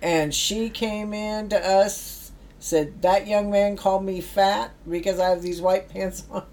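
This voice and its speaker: A woman's voice: medium pitch, fairly even intonation, unhurried, a little mellow. A middle-aged woman telling stories in casual chat, acting out quotes and laughing often. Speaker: guest telling stories about work with youth.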